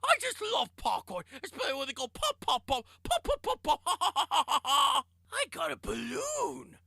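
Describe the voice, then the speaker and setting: A man plays a giddy, childlike cartoon character with a bright, bouncy sing-song. The pitch leaps around and the delivery stays gleeful. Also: huge pitch swings, measured pace, gravelly, no room sound, clean studio sound, exaggerated voice.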